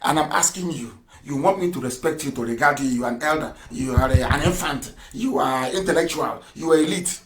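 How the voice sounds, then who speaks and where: A man giving a live radio address, fiery and mocking, firing off rhetorical questions and swinging from loud outbursts to low mutters. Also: brisk, hardly any pauses. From Nigeria. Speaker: broadcaster.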